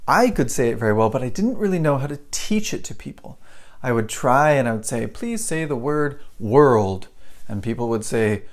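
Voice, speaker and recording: A man's voice: mid-range voice, animated, fairly quick. A man, an English teacher chatting live to viewers as he teaches pronunciation, greeting them by name. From United States. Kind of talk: live-streamed pronunciation lesson.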